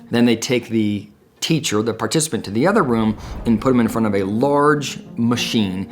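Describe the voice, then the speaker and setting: A man's voice: medium pitch, moderate pace, slight background noise. A man, a psychologist, explaining a classic study in an educational talk, telling it as a story. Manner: storytelling, acts out quoted dialogue.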